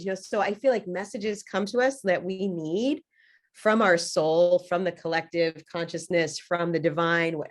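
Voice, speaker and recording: A woman's voice: lowish voice, fairly even intonation, moderate pace. A woman grief coach talking on a video call as an interview guest, earnest and encouraging with emphatic stresses. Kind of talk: casual interview chat.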